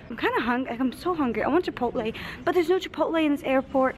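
Bubbly high-voiced woman vlogging. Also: very fast, hardly any pauses. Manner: bubbly, excitable, gasping and giggly. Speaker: vlogger and streamer. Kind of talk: casual vlog to camera. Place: home room, then an airport terminal. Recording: noisy handheld vlog audio.

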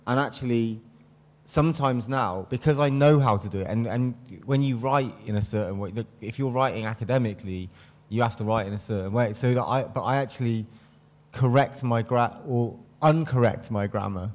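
A man with a Wiltshire accent softened by London talks on a discussion panel. He rambles, starting over and leaning on filler words. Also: mid-range voice, moderate pace, big-room sound. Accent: Wiltshire with a London tinge. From Wiltshire, England. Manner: rambling, with many fillers and restarts.

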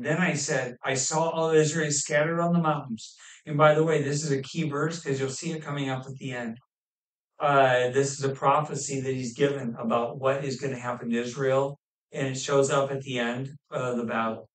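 A man preaching a sermon on a scripture passage, pausing often with fillers and restarts. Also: mid-range voice. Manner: halting, with many fillers and restarts. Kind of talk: expository sermon. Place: church hall. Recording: echoey room, mic at a distance.

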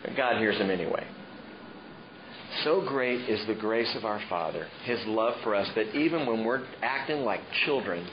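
Male pastor, animated sermon with joking asides, bouncy pitch, muffled and noisy recording. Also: normal speed. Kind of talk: expository sermon. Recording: muffled with steady background noise.

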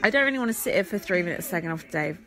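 A woman's voice: lowish voice, expressive, very fast, music in the background, low-quality recording. Sweary woman mocking an awards show. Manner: blunt, sweary, laughs at her own jokes. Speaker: podcast host. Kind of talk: sarcastic running commentary.

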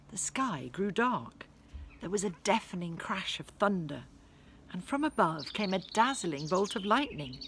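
Slow woman reading a story. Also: lowish voice, a bit bright, a little hiss or hum. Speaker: author narrating her book.

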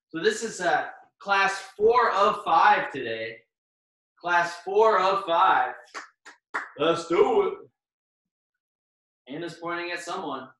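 Winded, upbeat fitness instructor, echoey room. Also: male voice, on the high side, sharp tone. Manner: upbeat, cheering on participants by name while exercising. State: out of breath. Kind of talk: live online workout class coaching. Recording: very echoey room, far from the mic.

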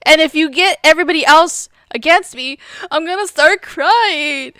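A woman's voice: sits high, moderate pace, sharp tone, no room sound, studio quality. A young woman streaming a retro game live, chatting with her chat in a playful, teasing way with mock outrage and frequent laughter. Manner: giggly, laughs often. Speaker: gaming streamer.

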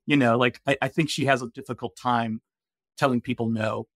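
A man's voice: medium pitch, steady tone, fairly quick, fairly bright tone, dry recording, studio quality. A man hosting a podcast, chatting in a friendly way with his guest and asking questions. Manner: friendly, chatty interviewer with restarts. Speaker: podcast host. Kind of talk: podcast interview.

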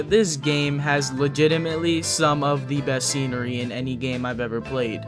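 A young man joking and reacting excitedly while narrating his playthrough of a game. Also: fairly high pitch. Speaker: gaming YouTuber. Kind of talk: let's play commentary. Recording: commentary over loud game music. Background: game music.

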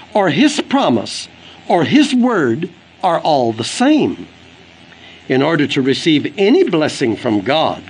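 In this rough recording, a man with a fairly high, husky voice preaches an earnest, emphatic sermon for an audio book. He's an evangelist, and he quotes scripture as he goes.

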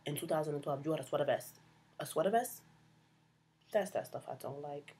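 A woman's voice: fairly low pitch, fairly quick, long pauses, dark tone, a little hiss or hum. A young woman ranting to camera about her pet peeves in a sassy, exasperated, slangy way. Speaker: vlogger. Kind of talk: casual comedic rant to camera.

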